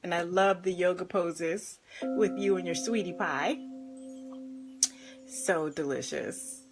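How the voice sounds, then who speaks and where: A woman life and health coach on a live stream, bubbly and effusive, warmly greeting viewers by name and laughing often. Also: lowish voice, takes it slowly, over music.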